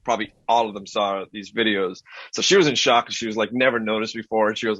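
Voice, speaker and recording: A man hosting a podcast, chatting casually and telling lively stories, acting out other people's lines. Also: lowish voice, quick pace, dry recording. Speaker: podcast host. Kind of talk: casual storytelling chat. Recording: dull, dry-sounding audio.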